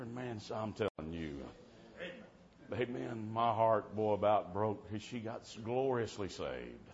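A man preaching a revival sermon in church, telling stories and swinging from soft-spoken to shouting. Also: fairly low pitch, lively intonation, measured pace. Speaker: traveling preacher. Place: church service. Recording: dull muffled sound with faint background hiss.

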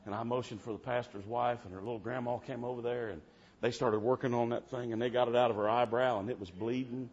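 A man preaching a revival sermon in church, telling stories and swinging from soft-spoken to shouting. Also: mid-range voice, steady tone, fast talker. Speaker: traveling preacher. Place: church service. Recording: dull muffled sound with faint background hiss.

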